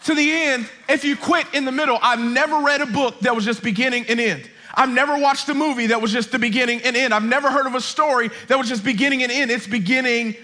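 A man preaching a sermon as a campus pastor on a lapel mic, emphatic, repeating his points and building to shouts. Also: extremely high pitch, fast talker, few pauses. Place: church auditorium.

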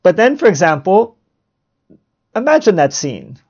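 A man's voice: sits high, sing-song, unhurried, a little mellow, husky. A middle-aged man hosting a reflective solo podcast monologue, musing and posing rhetorical questions he then answers himself. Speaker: podcast host. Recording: muffled lo-fi recording.

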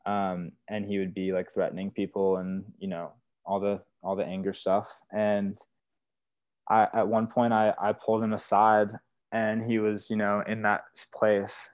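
A man's voice: on the low side, little pitch movement, moderate pace, dry recording, dull audio. A young man telling stories from his work as a wilderness therapy guide in casual, earnest podcast talk, full of "like" and "you know". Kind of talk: casual conversational storytelling.

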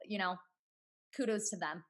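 Podcast guest: woman, former teacher, mid-pitched, earnest and chatty with soft laughs. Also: normal speed. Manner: earnest, talks through ideas with frequent "you know" and soft laughs. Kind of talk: casual podcast conversation.

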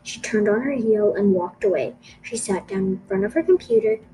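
A woman narrating a children's story with a steady, expressive reading. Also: mid-range voice, normal speed, noisy background.

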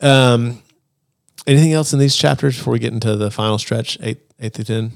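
A man hosting a podcast, casually retelling a Bible story and acting out the characters' lines in quick voices. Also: medium pitch, vocal fry, dry recording, studio quality. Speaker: podcast host.

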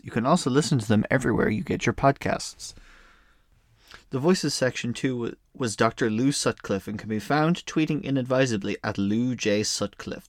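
A man reading podcast credits in a brisk, matter-of-fact way, slowing to spell out names. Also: fairly low pitch, no echo, studio quality.

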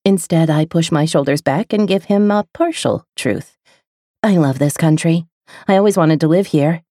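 Female audiobook narrator, low and mellow, intimate expressive read. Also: normal speed, dry recording, clean studio sound. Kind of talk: first-person romance narration.

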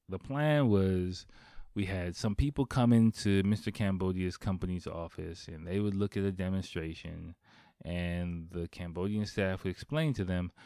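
Low-voiced man telling a profane story. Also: no room sound, clean studio sound. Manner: profane, animated anecdote with acted-out quotes. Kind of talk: casual storytelling.

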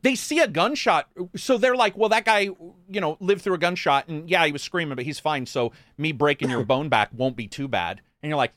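A man's voice: medium pitch, a bit bright, no room sound. A man in casual chat, telling jokey, profane stories and acting out quotes.

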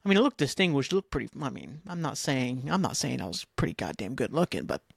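A man's voice: mid-range voice, very animated, fast, creaky, husky, dry recording, clean studio sound. A middle-aged man hosting a solo podcast, chatting in a scattered, self-mocking, profane way. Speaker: podcast host. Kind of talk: rambling solo podcast chat.

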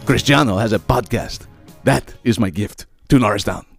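A man's voice: fairly low pitch, lively intonation, normal speed, vocal fry, faint music behind. A man putting on a vain third-person-talking nightclub romeo. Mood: boastful. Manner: refers to himself in third person, grandiose. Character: vain boastful foreign male nightclub matchmaker.

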